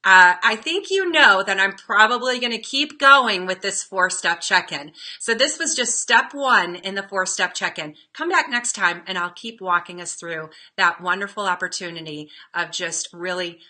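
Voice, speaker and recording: A woman's voice: mid-range voice, moderate pace, hardly any pauses. A woman hosting a live-streamed front desk training talk, upbeat and chatty. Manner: upbeat and chatty, with lively role-play asides.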